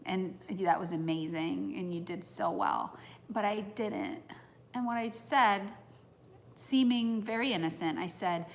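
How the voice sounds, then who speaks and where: A woman's voice: mid-range voice, measured pace, vocal fry. A woman in her thirties giving a casual, reflective talk to an audience on personal growth, earnest and heartfelt as she muses aloud.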